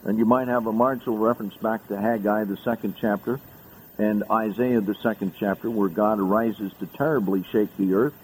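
Man as pastor, sermon delivery, reads verses with sharp upward emphasis, faint hiss on an old radio recording. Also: steady tone, moderate pace, rough recording. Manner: reads scripture aloud, rising high with emphasis.

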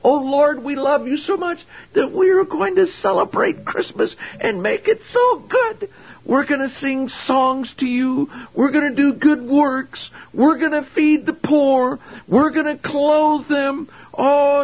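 A preacher mimicking a gushing, simpering churchgoer. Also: male voice, extremely high pitch, unhurried, lo-fi sound, voice pushed up. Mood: gushing mockery. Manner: gushing, sing-song mockery. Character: simpering, self-satisfied churchgoer praising himself to God.

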